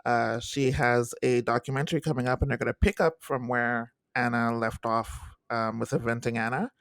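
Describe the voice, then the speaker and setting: A man co-hosting a podcast in casual chat, animated and repeating himself as he talks in bursts. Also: mid-range voice, moderate pace, vocal fry, no room sound, clean studio sound. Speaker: podcast co-host.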